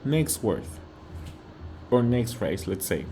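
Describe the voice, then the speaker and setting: Slow, patient Mexican-accented male teacher. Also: on the low side, big pitch swings, warm tone, slight background noise. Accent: Mexican Spanish. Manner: patient, repeats each word, says okay often. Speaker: Spanish teacher. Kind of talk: slow vocabulary lesson.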